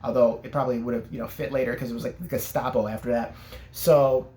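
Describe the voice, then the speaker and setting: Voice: medium pitch, fairly even intonation, fast, background noise. A vlogger ranting and telling a story casually, sarcastic and full of profanity.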